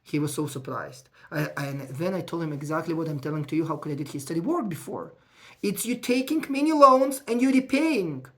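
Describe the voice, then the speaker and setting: This is a speaker explaining finances casually, with phrasing that shows English is not their first language. The voice sits at a middle pitch. It grows loud and emotional when the speaker feels strongly about the point. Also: lively intonation, brisk. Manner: emotional, raises voice when worked up; non-native English phrasing. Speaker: accountant giving financial advice. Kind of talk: casual advice talk to viewers.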